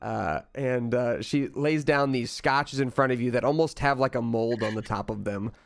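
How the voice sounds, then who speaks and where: Man, game master, filler-heavy narration, mid pitch, dry. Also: normal speed, vocal fry, dry recording.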